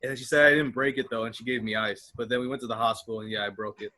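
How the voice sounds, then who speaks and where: A young man co-hosting a casual podcast, spinning a rambling story with animated energy. His voice is bright and forward, at an ordinary pitch. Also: racing, rough recording. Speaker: podcast co-host.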